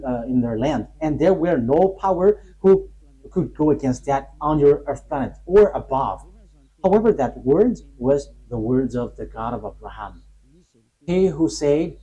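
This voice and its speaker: A man preaching a sermon, emphatic and halting, rising sharply on key points between pauses and fillers. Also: medium pitch, warm tone, breathy edge, low-quality recording.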